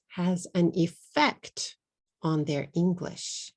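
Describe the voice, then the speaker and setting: A middle-aged woman from Texas with a Texan accent, teaching an English pronunciation lesson slowly and deliberately, repeating words for learners. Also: lowish voice, vocal fry, darkish tone.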